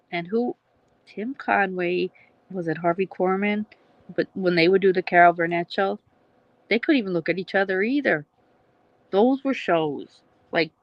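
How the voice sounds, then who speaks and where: A woman's voice: medium pitch, dry recording, dull audio. A woman hosting a casual livestream, rambling between thoughts, laughing often and swearing freely. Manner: laughs often, swears, trails off mid-sentence. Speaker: livestream host.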